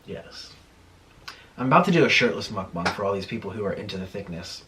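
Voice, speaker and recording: Animated young man chatting while eating. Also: lowish voice, brisk, a little hiss or hum. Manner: animated, chatty, gets heated and swears. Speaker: mukbang vlogger. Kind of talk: casual chat while eating.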